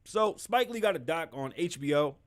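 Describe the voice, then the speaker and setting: A man's voice: fairly high pitch, animated, normal speed, dry recording, studio quality. A man hosting his own show, talking candidly about feelings and relationships in casual, profane street slang. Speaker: podcast host. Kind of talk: casual solo commentary.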